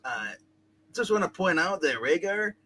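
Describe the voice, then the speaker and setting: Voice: mid-range voice, animated, moderate pace, a bit bright, breathy edge. A co-host of a comic-reading show making wisecracks and jokes with friends. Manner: jokey, wisecracking. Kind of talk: casual group chat.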